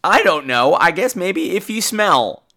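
Animated, lively-voiced male podcast host. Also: sits high, a little slow. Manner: animated, jokey, swears casually. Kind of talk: casual film review.

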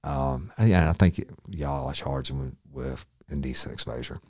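A man's voice: very deep voice, normal speed, darkish tone, breathy edge, no echo, clean studio sound. A man casually telling a story from his time as a deputy, blunt and profane, acting out what others said.

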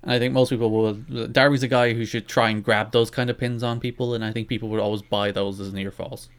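A man's voice: mid-range voice, level tone, a little fast, clear, resonant tone. A man co-hosting a casual wrestling podcast, rambling and self-deprecating with lots of restarts. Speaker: podcast co-host.

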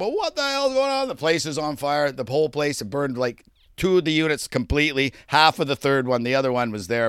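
A man co-hosting a casual podcast, telling stories in a lively, profane way and shouting out quoted lines. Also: mid-range voice, clear, resonant tone, no room sound, studio quality. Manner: animated storyteller, swears a lot, acts out shouted quotes. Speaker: podcast co-host. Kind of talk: casual storytelling chat.

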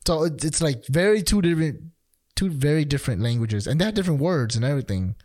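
A man's voice: on the high side, expressive, fast talker, a little mellow, dry recording, clean studio sound. A man chatting casually, rambling and playful, with many fillers and restarts. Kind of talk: casual chat.

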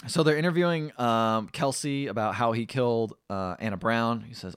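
A male podcast co-host casually retelling a movie's plot, dropping into quick voices for the characters and swearing freely. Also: medium pitch, smooth, no room sound, clean studio sound. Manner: loose, chatty, swears freely. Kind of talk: casual film recap.

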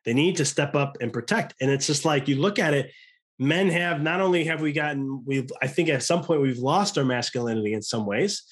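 Earnest American man, 30s, casual talk, slightly raised pitch, rambling delivery. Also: brisk. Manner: rambling, earnest, many restarts. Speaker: podcast guest. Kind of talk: casual conversation.

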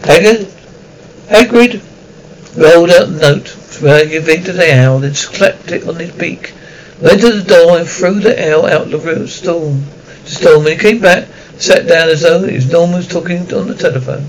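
A man's voice: fairly high pitch, normal speed, low-quality recording. A man narrating an audiobook chapter, reading with occasional slips and restarts. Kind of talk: storybook narration.

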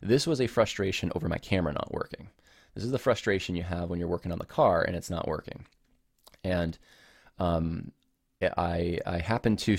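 This podcast host, speaking solo, sounds low-pitched, creaky, and a bit mellow as he rambles casually and apologetically, restarting his sentences while explaining himself. Recorded on a home setup with a camera, the audio is clean studio quality with no room sound.

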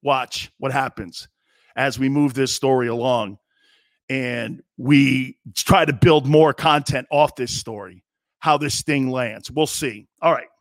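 A man's voice: mid-range voice, fairly even intonation, slow pace, dry recording. A middle-aged man hosting a sports talk radio show, delivering a blunt, emphatic monologue. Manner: emphatic, blunt, acts out quoted players. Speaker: host.

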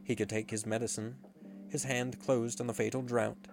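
A man narrating a storybook in a measured, expressive reading. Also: mid-range voice, creaky. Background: faint guitar music.

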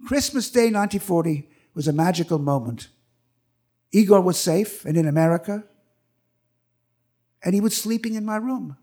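A man's voice: sits high, normal speed, long pauses, dark tone. A man in his eighties telling a personal story on stage at a live event, vivid and acting out the people in it. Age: 80s.

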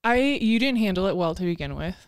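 Low-voiced woman, candid podcast host. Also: expressive, fast, no echo, studio quality. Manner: frank, earnest, storytelling about personal experience.

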